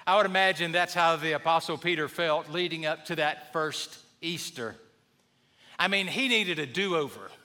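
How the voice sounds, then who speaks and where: A man's voice: on the high side, normal speed, bright, forceful tone, in a large hall. A male pastor preaching a sermon in a church, telling stories in a conversational, humorous way. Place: church sanctuary.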